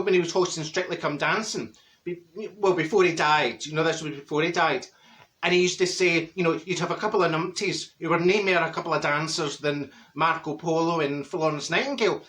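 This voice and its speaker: A man's voice: fairly high pitch, a little fast, fairly bright tone, natural voice. A man playing a blunt, gossipy middle-aged woman from Glasgow, with a Glaswegian Scottish accent, delivering a comic monologue with mocking asides. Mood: ranting. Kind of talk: comedy monologue in character.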